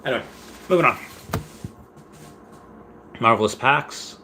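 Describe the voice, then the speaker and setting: A man's voice: medium pitch, a little slow, bright, forceful tone, slight background noise. A man in his thirties hosting a casual live stream, chatty, reading viewer messages aloud and rambling from topic to topic. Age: 30s.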